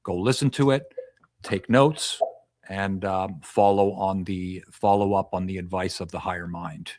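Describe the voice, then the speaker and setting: Low-voiced man explaining in a dry recording. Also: fairly even intonation, a little slow, a little mellow, no room sound. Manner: explanatory, repeats and restarts phrases. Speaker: past life regression hypnotist. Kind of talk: podcast interview guest.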